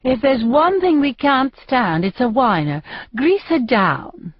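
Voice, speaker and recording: A fussy male stylist with a prissy, bossy manner, as a woman reading an audiobook puts him on. His voice sits higher than the reader's own, and it is recorded dry and a little muffled. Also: sing-song, slow pace, breathy edge, no room sound, heavily acted.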